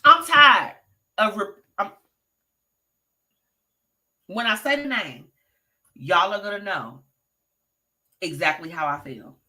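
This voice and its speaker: Sassy bright-voiced woman host. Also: mid-range voice, lively intonation, slow, long pauses. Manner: sassy, chatty, talks straight to listeners. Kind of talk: live show gossip commentary.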